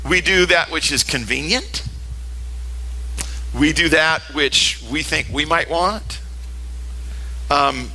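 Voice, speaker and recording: An older man delivers a sermon with animated storytelling. His voice is high and very bright, and he jumps into character voices as he tells the story. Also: slight background noise, low-quality recording. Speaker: pastor.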